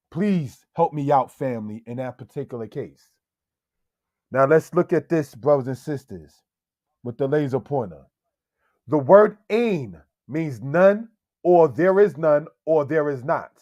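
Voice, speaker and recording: A man teaching Hebrew in a slow, deliberate lesson style, often checking in with "all right?" and calling his viewers family. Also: a little high, expressive, dark tone, no room sound. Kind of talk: slow screen-share language lesson.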